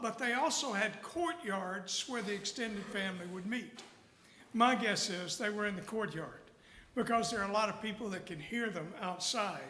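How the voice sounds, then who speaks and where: A man's voice: sits high, sharp tone, slight background noise. A man preaching a sermon as a guest preacher, telling a folksy story with rising emphasis. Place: church sanctuary. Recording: echoey church hall with long reverb.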